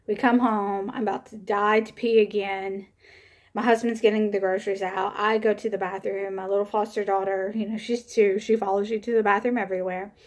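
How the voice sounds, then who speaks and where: A young woman vlogs to camera, telling a personal story in a casual, chatty way, full of fillers and animated retelling. Her voice is mid-range and fairly quick.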